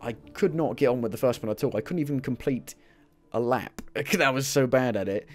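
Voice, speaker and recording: A man doing gameplay commentary, excitable, swearing at the game and laughing at himself. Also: mid-range voice, a little fast, faint music behind. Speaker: gaming video creator. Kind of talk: let's-play gameplay commentary. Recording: racing car engine noise behind. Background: car engines from the game.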